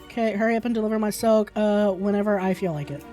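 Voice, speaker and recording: A woman's voice: mid-range voice, fairly even intonation, quick pace, dark tone, soft background music. Sarcastic woman streamer joking along. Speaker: streamer playing a game. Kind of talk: casual gameplay commentary.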